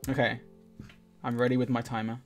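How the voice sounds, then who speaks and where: A man's voice: mid-range voice, flat delivery, a little fast. Chatty streamer man over faint music. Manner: chatty and scattered, laughs often, thanks viewers. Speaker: live streamer. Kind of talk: casual live-stream chat while gaming. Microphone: desk microphone. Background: faint game music.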